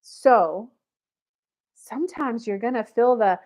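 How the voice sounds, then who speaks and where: On a livestream, a woman who coaches and gives spiritual readings tells a story about herself in the third person, acting out the voices of the people in it with animation. Her voice is a little high and her pace moderate, and the audio has its highs cut off.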